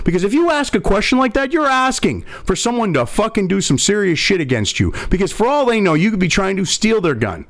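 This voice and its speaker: A man's voice: high-pitched, big pitch swings, fairly quick, few pauses. Angry, sarcastic man ranting. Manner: angry, sarcastic, swears constantly. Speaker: host. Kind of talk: profane political commentary rant.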